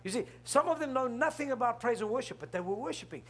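A male pastor preaching an emphatic, animated sermon, often breaking in with "hello?". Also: extremely high pitch, fast, husky.

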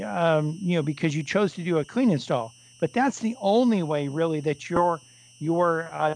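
Male radio show host, fairly high voice, loose rambling delivery full of fillers. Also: poor audio. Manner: rambling, many restarts and fillers. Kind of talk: casual call-in radio talk.

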